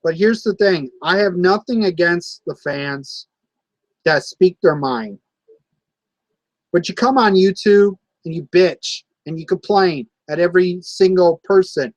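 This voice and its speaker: Ranting to camera about wrestling fans, this man in his late twenties is angry and profane, going over the same points again and again. He's a wrestling vlogger with a high voice and a slightly slow pace. The sound is lo-fi, with no room sound.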